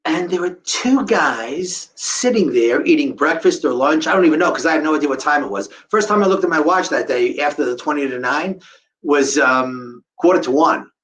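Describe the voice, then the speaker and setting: New guy telling his story to a crowd, acts out all the back and forth, voice a bit high. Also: normal speed. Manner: animated, acts out each quoted exchange. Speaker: guest speaker. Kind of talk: live storytelling talk to an audience.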